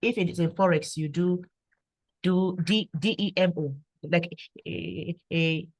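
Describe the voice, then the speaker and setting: A woman's voice: lowish voice, steady tone, unhurried, creaky, darkish tone, no room sound, poor audio. A woman speaking at an online meeting, sharing her story and giving advice, who stammers and repeats words now and then.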